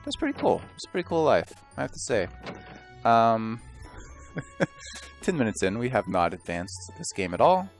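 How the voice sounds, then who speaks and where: A man's voice: medium pitch, sing-song, a little slow, long pauses, soft background music. A man rambling and joking through casual let's play commentary, often stopping and restarting mid-thought. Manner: rambling, self-interrupting, joking.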